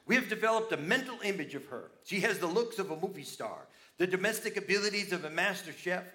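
A man preaching a sermon, animated and lively, dropping to quiet asides to his congregation. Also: high-pitched, quick pace. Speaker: pastor.

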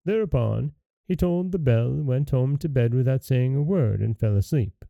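A man hosting and reading a fairy tale aloud in measured storybook narration. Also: mid-range voice, lively intonation, vocal fry, dry recording, phone-quality sound. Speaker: storyteller host.

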